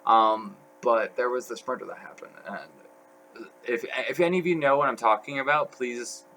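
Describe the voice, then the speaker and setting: A young man appears as a guest on a casual podcast, telling stories in a rambling, filler-heavy way. His medium-pitched voice has a sharp tone at normal speed, and the poor audio carries a little hiss or hum.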